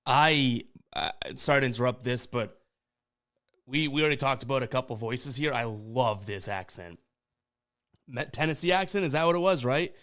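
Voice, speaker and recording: A Boston man hosts a podcast, reacting to voicemails casually and chattily, laughing often and stumbling over words. His medium-pitched voice moves at normal speed with a fairly bright tone.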